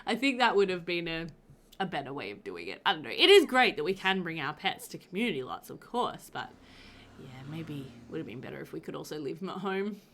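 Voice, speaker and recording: A woman's voice: sits low, sing-song, a little fast, fairly bright tone, slight background noise. A woman giving a casual voiceover commentary on her gameplay, chatty and rambling with a bubbly manner. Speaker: gaming video creator. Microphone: voiceover recorded after gameplay.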